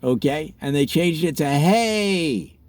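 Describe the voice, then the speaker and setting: A man hosting a mock tour in a parody travelogue, telling absurd tall tales in an animated storytelling manner. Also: on the high side, unhurried, husky, no room sound. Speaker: comedic tour host.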